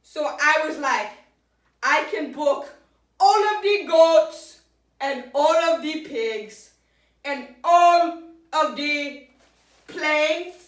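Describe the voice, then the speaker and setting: A boastful talk-show guest, as a woman puts him on, speaks in a high voice at an unhurried, drawn-out pace. The put-on rambles deadpan through absurd tales. It sounds caught from across an echoey room, well away from the mic. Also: distant mic, full character voice. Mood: rambling deadpan. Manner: rambling, deadpan, breaks into giggles. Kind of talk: improvised comedy sketch.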